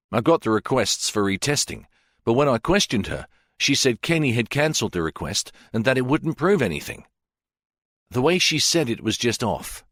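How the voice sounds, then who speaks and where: A man's voice: mid-range voice, fairly bright tone, no echo, studio quality, lightly acted. A man voicing Bartlett, an earnest, apologetic senior colleague, in an audiobook.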